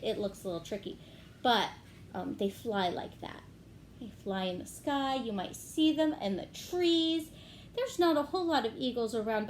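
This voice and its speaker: A woman teacher giving a gentle phonics lesson to young children, clapping out words syllable by syllable. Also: fairly high pitch, slight background noise.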